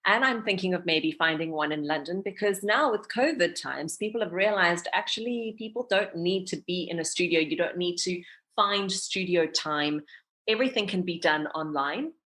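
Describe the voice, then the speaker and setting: Guest: South African woman, thirties, low-set voice, candid and laughing. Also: moderate pace. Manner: candid and expressive, laughs often. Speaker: podcast guest, radio presenter and voiceover artist. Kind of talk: casual interview chat.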